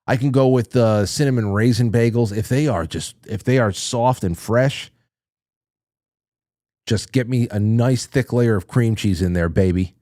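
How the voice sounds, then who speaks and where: A man's voice: mid-range voice, unhurried, mellow, no room sound, clean studio sound. A man hosting a casual livestream, reading viewer messages aloud and rambling through his thoughts with fillers and restarts. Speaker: talk show host reading chat messages.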